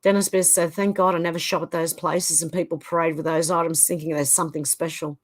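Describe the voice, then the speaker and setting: A woman's voice: deep voice, little pitch movement, fast talker. A middle-aged woman hosting a livestream, reading viewer comments aloud and chatting loosely between them. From Australia. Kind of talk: casual chat.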